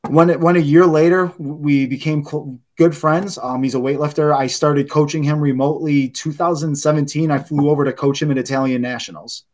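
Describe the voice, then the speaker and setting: A man telling loose, animated stories in casual podcast chat, swearing freely and saying "like" a lot. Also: fairly high pitch, a little fast, few pauses. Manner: loose, profane, heavy use of "like"; animated anecdote teller. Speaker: podcast guest.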